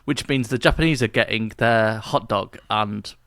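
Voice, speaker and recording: A man co-hosting a podcast in casual chat, rambling and halting with many restarts. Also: on the low side, fairly bright tone, no room sound, clean studio sound. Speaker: podcast co-host.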